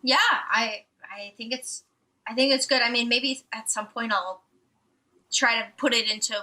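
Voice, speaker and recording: A woman's voice: medium pitch, sharp tone, rough recording. A young woman, a musician guest on a podcast, speaking casually and hesitantly with many fillers as she searches for words. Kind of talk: casual conversational interview.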